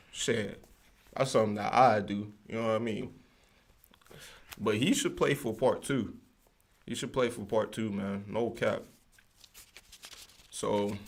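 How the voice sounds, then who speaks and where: Young male podcast host, low gravelly voice, loose slangy solo rant that wanders. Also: slight background noise. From United States. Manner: loose, slangy, rambling, digresses often. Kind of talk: casual solo ranting.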